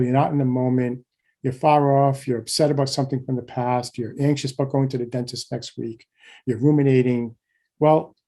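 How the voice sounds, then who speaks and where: A middle-aged man delivers a keynote lecture in a relaxed, conversational manner, tossing in "right?" to check on his listeners and restarting phrases as he thinks. His voice is mellow and a little husky. He gets animated when acting out everyday examples. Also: mid-range voice.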